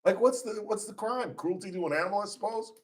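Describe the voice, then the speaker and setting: A man's voice: high-pitched, fast. Blunt, combative radio host man. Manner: blunt, combative, animated storytelling. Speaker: radio talk show host. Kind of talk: opinionated talk radio monologue.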